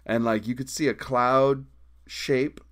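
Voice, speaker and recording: A man's voice: medium pitch, slow pace. A man on a podcast as a guest musician, telling a story casually and acting out the quotes. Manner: animated, acts out quotes in the story.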